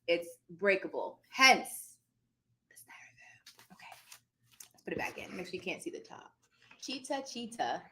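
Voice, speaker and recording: Woman host, high and bouncy, hyper and playful, calls viewers darling, plays with a put-on posh accent. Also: sharp tone. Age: adult with children. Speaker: host and notary business coach. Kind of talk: casual live-stream chat.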